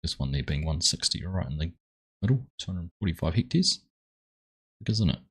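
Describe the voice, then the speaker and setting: Male streamer, low voice, chatty, friendly host greeting chat. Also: very animated, fairly quick, fairly bright tone, slight background noise, rough recording. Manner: chatty, greets viewers by name. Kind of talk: live gameplay commentary.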